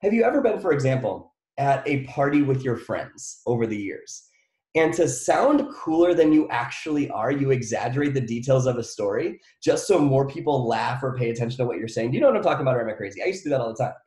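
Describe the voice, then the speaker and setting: Energetic man giving a motivational talk. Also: medium pitch, fairly quick, reverberant. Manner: energetic, repeats phrases, asks the crowd questions. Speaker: motivational speaker. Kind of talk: live motivational talk to an audience. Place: room with an audience.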